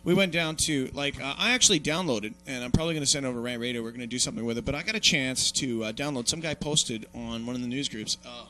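A man's voice: medium pitch, quick pace, hardly any pauses, a little hiss or hum. A young man hosting an online talk show, swearing and mocking as he rants about politics. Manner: swearing, mocking, animated ranting. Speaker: podcast host. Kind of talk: profane political rant.

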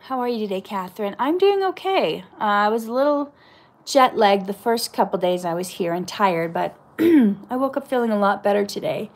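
A woman's voice: medium pitch, expressive, moderate pace. A middle-aged woman hosting a live stream, reading viewer comments aloud and answering them in casual chat. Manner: reads out viewer comments and answers warmly, with prayerful advice.

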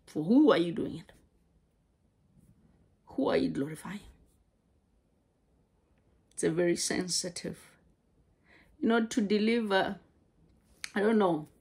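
A woman preaching a sermon, halting and repeating words as she goes. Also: mid-range voice, darkish tone, breathy edge.

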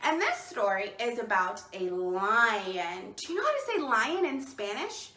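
Bright high-voiced lady doing kids storytime, cheery, unhurried, roomy echo. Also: very animated. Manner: cheerful, encouraging, prompts children to repeat words. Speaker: children's storytime host. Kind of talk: bilingual children's storytime. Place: indoors, seated.

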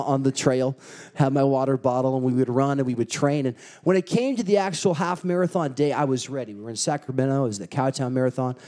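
A pastor preaching a sermon with animated storytelling and rousing emphasis. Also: male voice, a little high. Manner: animated storytelling, acting out quotes.

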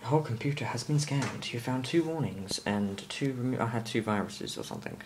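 A man's voice: mid-range voice, animated, fairly quick. A British teenage boy vlogging casually at home, rambling and mocking himself as he walks through the house with a handheld camera. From Britain. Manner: rambling, self-mocking, offhand. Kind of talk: casual vlog. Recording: loud background noise.

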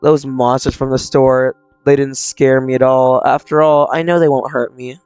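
A man's voice: medium pitch, little pitch movement, normal speed, a little mellow, clean tone, no echo, dull audio, lightly acted. A man reading aloud the lines of a troubled young person with mental illness from a visual novel, in a subdued, confessional way. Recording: dry close mic, faint game music.

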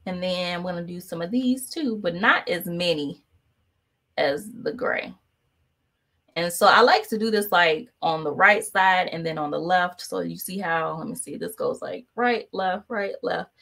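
A woman's voice: lowish voice, measured pace, vocal fry. A woman painting instructor, chatting casually and telling a story while she paints, acting out the other people's voices. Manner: chatty, animated, acts out quoted voices.

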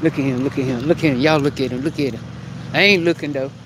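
Speaking fast in a bass voice, a woman vlogs casually for her viewers, first at home and then outdoors on the porch. She looks right into the camera, lively and chatty, over some background noise.

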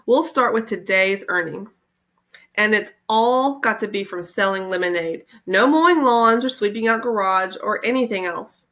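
A woman's voice: mid-range voice, moderate pace, fairly bright tone, natural voice. A woman reading aloud and voicing a stubborn, smug little girl in a children's book. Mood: defiant.

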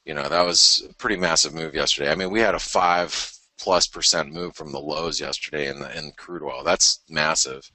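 A man's voice: a bass voice, fairly even intonation, moderate pace, few pauses, sharp tone, dry recording, poor audio. A male trading show host talking through market charts in a loose, rambling way with many fillers and restarts, tired and yawning early in the morning. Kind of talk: live market chart analysis.

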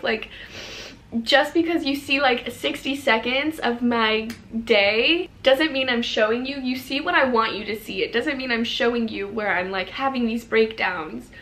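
A woman in her twenties with a slightly high voice talks straight to camera in a casual confessional vlog. She rambles softly and emotionally, leaning on "like" as she searches for words. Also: measured pace. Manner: rambling, heavy use of "like", soft and emotional. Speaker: vlogger.

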